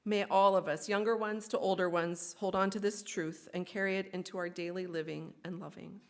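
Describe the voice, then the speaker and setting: A woman minister telling a story for all ages during a worship service, expressive and gently inviting. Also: lowish voice, fairly quick.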